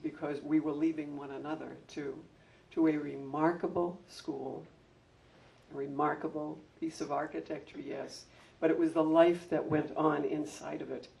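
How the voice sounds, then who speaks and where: An older man looks back on his years running a school at a public event, sharing heartfelt stories that become animated whenever he acts out an anecdote. His gravelly voice sits slightly high, and he speaks at a moderate pace. The mic is distant, picking up faint room noise and a soft hum.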